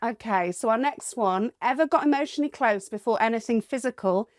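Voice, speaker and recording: Woman, podcast guest, chatty and expressive, somewhat high voice, dry close sound. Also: a little fast, no room sound. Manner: chatty, expressive, laughs often. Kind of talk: casual chat.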